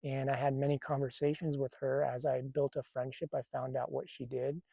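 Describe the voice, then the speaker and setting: A man's voice: mid-range voice, flat delivery, brisk, vocal fry, warm tone, breathy edge, dry recording. A man telling a personal spiritual story in a casual, rambling way, with many fillers and restarts. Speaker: spiritual channeler.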